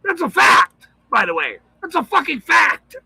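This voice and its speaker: Man, rambling profane rant, slow unhurried delivery, lively swooping pitch, shouts and laughs a lot. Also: vocal fry, no room sound, poor audio. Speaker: commentator.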